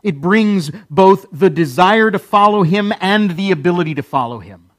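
A man delivers a sermon in a fairly high voice. He hammers his points with repetition and dramatic pauses. The sound is dry and close. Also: animated, fairly bright tone, no room sound. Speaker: pastor.

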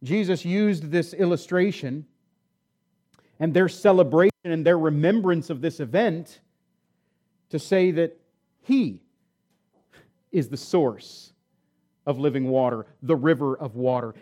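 A man's voice: fairly high pitch, expressive, measured pace, mellow. A man preaching a sermon, retelling a scripture story and then reading the passage aloud with rising and falling emphasis. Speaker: pastor.

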